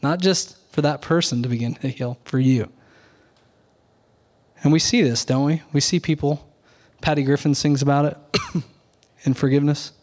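A pastor delivers an earnest Sunday morning sermon, his pace measured and deliberate as he pauses on key words. His voice sits a little high, with a darkish tone.

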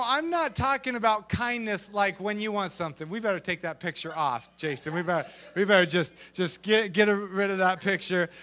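A man preaching an energetic sermon as pastor, joking and acting out little voices as he goes. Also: sits high. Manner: animated and joking, acts out voices.

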